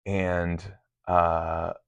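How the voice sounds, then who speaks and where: A man's voice: sits low, completely flat delivery, drawn-out words, a bit bright, clear, resonant tone, no room sound. A man casually recounting his meditation sessions in a rambling way, full of ums and restarts. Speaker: meditation vlogger. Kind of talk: casual first-person recounting. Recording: dull lo-fi sound.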